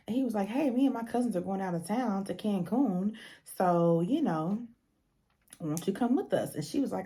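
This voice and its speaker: A woman's voice: medium pitch, lively intonation, normal speed, warm tone. A young woman giving a casual, blunt and profane recap of a reality show, acting out the people she quotes.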